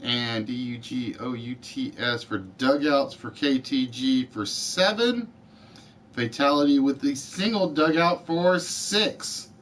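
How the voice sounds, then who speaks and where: Slow, deliberate male game show host. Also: mid-range voice, fairly bright tone, slight background noise. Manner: deliberate, spells out letters and addresses players by name. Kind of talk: live-streamed game show hosting.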